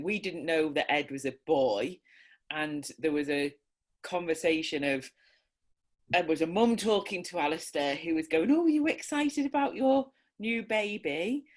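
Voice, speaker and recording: A woman, a bereaved parent, telling candid stories over a video call, laughing often as she talks. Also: low voice. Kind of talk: candid conversational storytelling.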